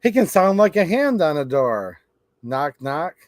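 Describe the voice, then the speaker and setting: A man's voice: high-pitched, very animated, normal speed, a little mellow, dry recording, clean studio sound. A man hosting a live stream, reading a children's rhyme book aloud in a playful sing-song way.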